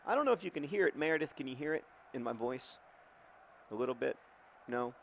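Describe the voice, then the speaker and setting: A man's voice: medium pitch, brisk, a little hiss or hum. A man hosting a football management game in casual, rambling, wry commentary, his mouth numb after oral surgery.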